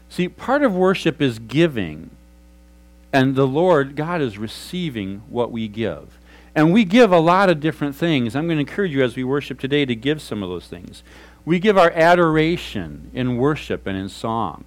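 A middle-aged man preaching a sermon as pastor, earnest and conversational, dropping to soft, hushed tones for prayerful lines. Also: a little high, very animated, moderate pace, rough recording.

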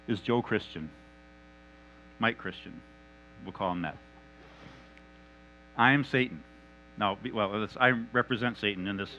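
A man preaching a sermon in an animated, conversational and humorous manner. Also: medium pitch, low-quality recording.

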